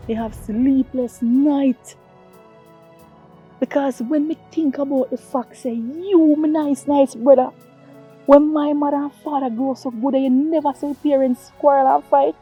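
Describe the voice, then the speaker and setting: A woman's voice: high voice, dark tone, muffled recording. A woman with a Jamaican accent playing a big sister who lectures her brother on abuse, talking in emphatic, preachy patois. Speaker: big sister giving advice. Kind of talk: Jamaican comedy-drama skit.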